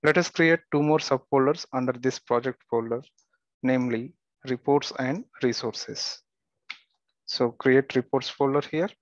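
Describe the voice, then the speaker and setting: A man teaching a software tutorial, giving steady step-by-step instructions with the odd filler and restart. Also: medium pitch, unhurried, dry recording, muffled recording. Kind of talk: screen-recorded software tutorial.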